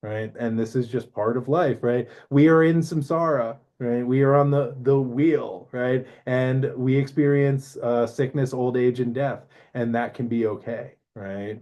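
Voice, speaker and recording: Mellow, rambling spiritual talker man. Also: medium pitch, fairly even intonation, unhurried, hardly any pauses. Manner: rambling, filler-heavy, keeps asking "right?". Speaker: astrology podcast host. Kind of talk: casual spiritual talk.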